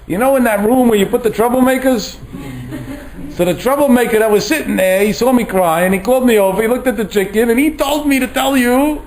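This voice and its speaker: Man putting on a little girl's voice, six years old, high and pleading, hesitant, told in a spoken story. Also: fairly quick, darkish tone, slight background noise, low-quality recording. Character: frightened young girl, about six.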